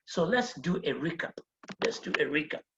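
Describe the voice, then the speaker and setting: A woman teaching a beginner Spanish lesson, patiently repeating key phrases and spelling words out slowly letter by letter. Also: sits low, lively intonation, dull audio, slight background noise. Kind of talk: explanatory lesson.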